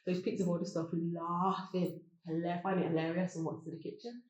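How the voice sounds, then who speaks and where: A woman shares a personal story on a podcast. She is animated and laughs often as she talks. Her voice is mellow and dark, and it rings in a very echoey room. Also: lowish voice, brisk, lo-fi sound. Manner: animated, laughing while telling stories. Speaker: podcast guest.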